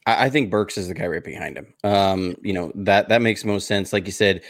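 A man on a football podcast panel, giving a measured take and hedging with filler words. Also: deep voice, dry recording, studio quality. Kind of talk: casual panel chat.

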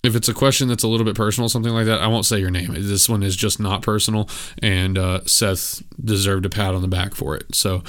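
A man with a lowish voice and a smooth, clear tone talks through a solo podcast episode. He rambles casually with plenty of "uh"s, speaking candidly and plainly. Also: fairly even intonation, fast talker. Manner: casual, rambling, candid with frequent filler words. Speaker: podcast host.

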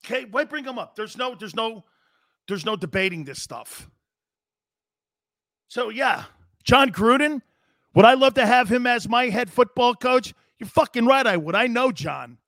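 A man's voice: extremely high pitch, expressive, measured pace, a bit bright, no room sound, studio quality. A man hosting a live sports talk show, ranting in a blunt, profane, repetitive and heated way.

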